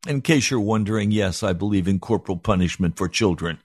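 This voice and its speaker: A pastor telling a personal story in an animated sermon. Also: male voice, fairly low pitch, brisk, no room sound, clean studio sound.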